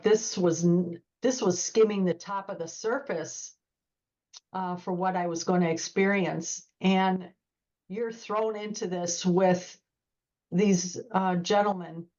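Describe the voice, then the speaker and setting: A woman's voice: on the low side, highs cut off. A woman guest, a former corrections officer, earnestly telling a personal story in an interview and acting out the dialogue as she goes. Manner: earnest, vivid retelling with quoted dialogue.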